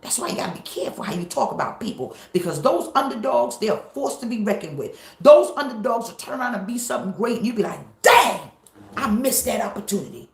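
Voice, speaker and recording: A woman's voice: fairly high pitch, sing-song, fast, few pauses. Emphatic woman pastor, roomy echo. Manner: emphatic, repetitive preaching with bursts of shouting. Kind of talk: live-streamed sermon.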